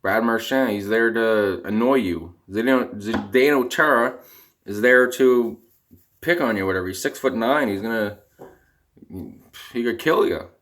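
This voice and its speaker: Young Canadian man, low-ish voice, dejected rambling vlog rant, voice cracking, slightly off-mic. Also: measured pace, fairly bright tone. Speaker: vlogger, hockey fan.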